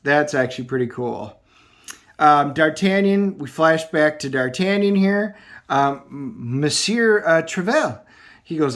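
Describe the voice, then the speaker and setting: A man's voice: a little high, lively intonation, measured pace, fairly bright tone. Rambling man recapping a comic. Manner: rambling, with many filler ums. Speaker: comic book reviewer. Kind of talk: casual review recap.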